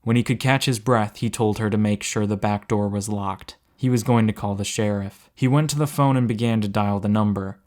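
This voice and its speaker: A man narrating a story aloud in a steady, measured way, slowing down for suspense. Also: on the low side.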